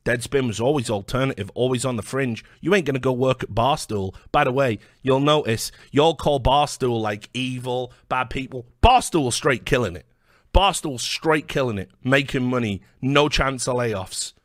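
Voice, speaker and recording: A man's voice: mid-range voice, moderate pace, no echo, clean studio sound. A British man delivering a heated, profane video rant, combative and full of stammered restarts. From Britain. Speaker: online commentator.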